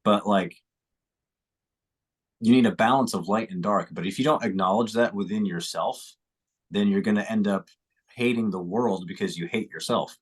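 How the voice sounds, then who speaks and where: A man's voice: fairly low pitch, moderate pace, long pauses, slightly rough. A man co-hosting a podcast in casual chat, reflective and rambling, with casual swearing. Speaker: podcast co-host.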